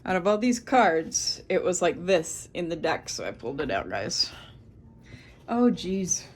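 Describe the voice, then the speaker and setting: A woman's voice: fairly low pitch, sing-song, measured pace. A woman in her thirties giving a casual, rambling tarot reading to camera, thinking aloud with many fillers. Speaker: tarot reader.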